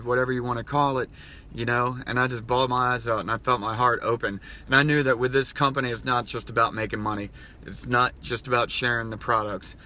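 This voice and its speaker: A man speaks straight to his followers in a heartfelt, rambling vlog, his voice bright and pushing forward. He repeats himself and chokes up at times. A light hiss of background noise sits under him. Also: medium pitch. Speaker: vlogger. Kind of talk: emotional personal vlog.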